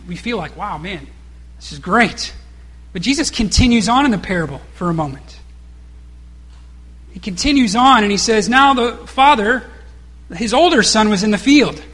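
Bright, high-voiced male preacher. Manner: preaching with rhetorical questions and casual asides. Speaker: pastor. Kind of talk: sermon.

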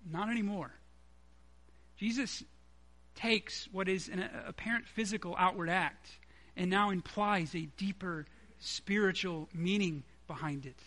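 Bright, high-voiced male preacher. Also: measured pace. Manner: earnest, conversational preaching with emphatic stresses. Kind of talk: sermon.

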